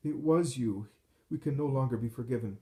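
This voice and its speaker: An old rabbi, broken and repentant, begging for mercy in a raised, urgent voice, as a man reads him. The tone is dark and mellow, and anguish runs through every phrase. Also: mid-range voice, normal speed, pitched above the performer's own voice, natural voice. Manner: pleading, anguished, breathless. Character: elderly rabbi, distraught and repentant.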